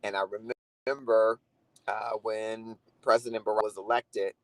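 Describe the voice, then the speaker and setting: A man's voice: on the low side, flat delivery, moderate pace, vocal fry, dry recording, low-quality recording. A man talking earnestly and reflectively to viewers on a live stream, greeting commenters by name. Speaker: livestream host. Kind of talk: casual live chat to viewers.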